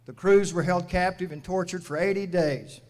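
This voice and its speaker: A man in his sixties, a mayor giving a graduation address, telling folksy stories with quoted dialogue in a measured, grandfatherly way. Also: high voice, a little mellow. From United States. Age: 60s. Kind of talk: commencement address. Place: large graduation venue. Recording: echoey hall from a public address.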